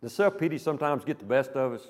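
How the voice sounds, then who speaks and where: A man's voice: mid-range voice, expressive, fast. A male pastor preaching a Wednesday night sermon, speaking conversationally with rhetorical questions and frequent checks of "okay?". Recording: long hall reverb.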